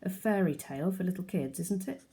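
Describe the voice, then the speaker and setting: Curious troubled boy from a storybook read by a woman, low creaky voice. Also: brisk, mellow, natural voice.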